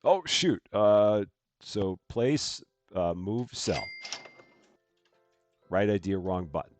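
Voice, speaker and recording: A man's voice: fairly low pitch, lively intonation, slow pace, faint music behind. A man streaming a game live, chatting through his moves and thanking viewers as he plays. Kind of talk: live gameplay commentary.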